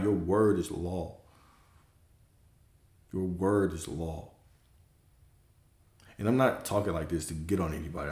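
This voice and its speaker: Male spiritual coach, low voice, emphatic and casual, swears, echoey room. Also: a little mellow. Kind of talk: livestream talk. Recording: roomy echo.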